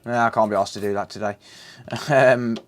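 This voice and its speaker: A man's voice: fairly low pitch, fairly even intonation, normal speed, slight background noise. A man chatting casually and joking with his live chat while repairing a console, swearing freely.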